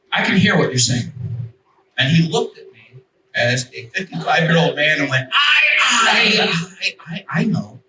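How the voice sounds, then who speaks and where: A man, a military veteran, telling his personal testimony to an audience. He talks in an animated, joking way and keeps checking in with "right?". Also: fairly high pitch. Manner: animated storyteller, jokey asides, emphatic rhetorical "right?". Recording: echoey room, distant mic, faint background hum.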